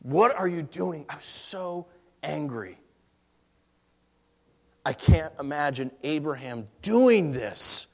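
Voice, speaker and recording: A man with a somewhat high voice delivers a sermon built around his own story. He talks with real emotion, dropping to near hushes and then rising again. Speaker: preacher.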